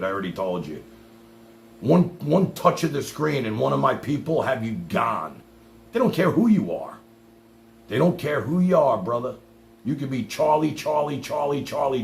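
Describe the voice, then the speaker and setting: A livestream host talks in a combative, sarcastic way, cursing freely. His voice is gravelly and swoops widely in pitch as he rants. The sound is roomy and echoey, with a faint hum underneath. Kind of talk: ranting livestream talk.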